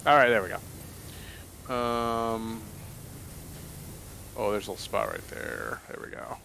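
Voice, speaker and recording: A man's voice: on the low side, sing-song, slow, creaky, noisy background. A man hosting a live game stream, playfully muttering to himself as he plays and joking with friends. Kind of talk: casual live-stream chat.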